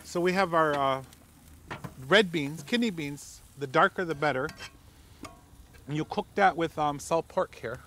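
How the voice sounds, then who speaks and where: A man with a slightly raised voice explains a traditional recipe as a guest on a cooking show. He talks unhurriedly and pauses often between steps. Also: on the high side, bright, forceful tone, a little hiss or hum. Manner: unhurried, with many ums and pauses. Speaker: guest cook.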